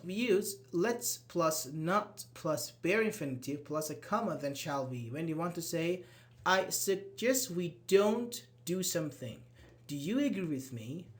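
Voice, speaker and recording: A man teaching an online English grammar class, explaining step by step and repeating his example sentences. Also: fairly high pitch.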